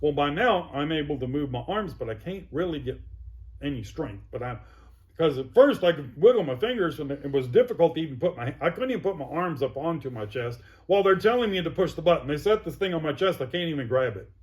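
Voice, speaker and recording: A man's voice: a little high, animated, fast talker. A man telling his own story as an interview guest, plainspoken and vivid. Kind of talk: personal recovery story.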